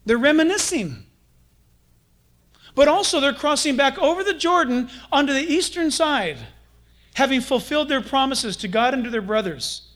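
A man preaching a sermon as pastor, animated, acting out the voices of the people he quotes. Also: very high-pitched, moderate pace.

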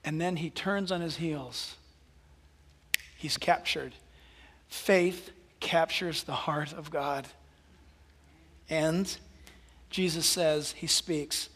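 A male pastor preaching a sermon, animated, dropping to hushed asides and rising to loud exclamations. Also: fairly high pitch, very slow, long pauses, slightly rough, big-room sound.

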